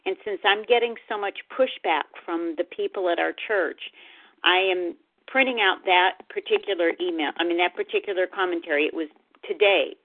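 A woman's voice: fairly low pitch, normal speed. A woman chatting earnestly on a talk radio show, agreeing readily with the host. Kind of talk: casual talk-radio chat. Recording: tinny phone line.

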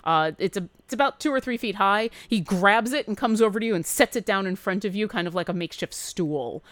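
An easygoing woman runs a tabletop game, describing the scene in a relaxed, meandering way. Her voice sits at an ordinary pitch and sounds dry and close to the mic. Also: brisk, no echo. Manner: easygoing, with many fillers. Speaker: game master.

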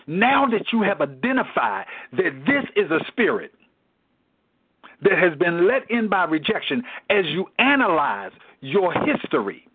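Through a tinny, phone-like recording, a man with a high, slightly rough voice preaches his way through a Bible study, pressing his exhortations emphatically and repeating them.

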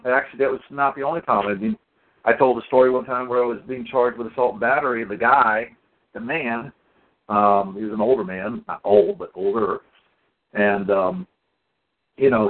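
A man telling stories in a casual community call, animated and acting out the people in them. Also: medium pitch. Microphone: phone or call audio. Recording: tinny phone line.

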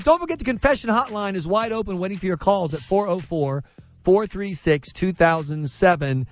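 Brash high-voiced radio host man. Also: normal speed, soft background music. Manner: brash, energetic, opinionated. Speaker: radio talk show host. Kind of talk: talk radio monologue. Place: radio studio.

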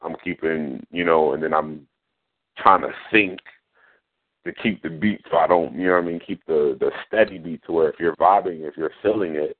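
A man's voice: extremely low pitch, normal speed. A man hosting a radio show, chatting casually about poetry and often asking "you know what I'm saying". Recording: phone-like radio audio.

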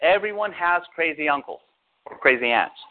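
A male pastor preaches a sermon to his congregation, packing it with rhetorical questions. His fairly high voice is expressive and moves at normal speed, and the recording sounds narrow, like a phone.

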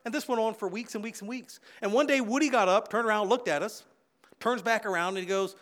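A middle-aged man preaching a sermon as pastor, an animated storyteller who repeats phrases for emphasis and swings widely in loudness and pitch. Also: a little fast.

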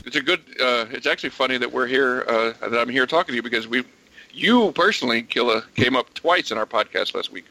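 A man's voice: mid-range voice, animated, fast talker, bright, forceful tone, poor audio. A man who is a podcast guest, chatting in a teasing, rambling way. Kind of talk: casual podcast chat.

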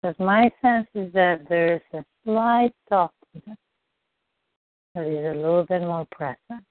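A woman guiding someone through a heart-centered coaching session, speaking softly and slowly to reassure him. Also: on the low side, no room sound. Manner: soft, slow, reassuring. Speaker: guide. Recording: dry phone-like line.

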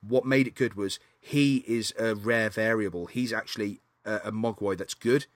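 A man co-hosting a casual film podcast, animated and swearing, acting out scenes in funny voices. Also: fairly low pitch, normal speed, no echo. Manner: animated, acts out scenes in silly voices, swears, laughs a lot. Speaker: podcast co-host.

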